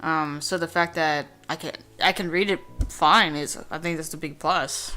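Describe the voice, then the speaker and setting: A woman's voice: deep voice, fairly even intonation, normal speed, hardly any pauses, sharp tone, soft background music. A woman hosting a let's play from a room at home, rambling casually and reading game text aloud. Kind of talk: casual gameplay commentary.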